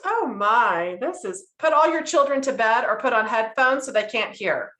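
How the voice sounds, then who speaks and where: A woman's voice: a little high, expressive, moderate pace, pushed and bright. A woman sharing a story on a team call, setting it up in a playful, teasing way. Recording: roomy echo.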